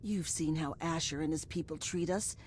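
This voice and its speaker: An actress voicing a calm, scheming female rebel in a video game, measured and confiding. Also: low-pitched, a little hiss or hum, natural voice. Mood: conspiratorial.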